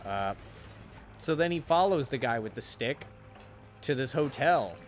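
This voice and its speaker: A man's voice: medium pitch, moderate pace, faint music behind. A man streaming a game and chatting casually, retelling a story in a rambling, profane way full of restarts. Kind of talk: casual chat while gaming.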